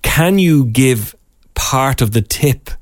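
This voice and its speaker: A man's voice: mid-range voice, expressive, slow pace, dry recording, studio quality. A man with an Irish accent, a radio host in his thirties chatting casually and telling jokey stories. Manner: jokey storyteller, acts out voices in anecdotes. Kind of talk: casual podcast banter. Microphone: studio mic.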